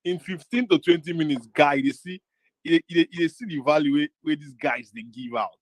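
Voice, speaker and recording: A Nigerian man co-hosting an online webinar, talking fast and excitedly, mixing in Pidgin, laughing and repeating words. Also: on the high side, dry recording. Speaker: webinar co-host. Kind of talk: excited casual chat with Pidgin.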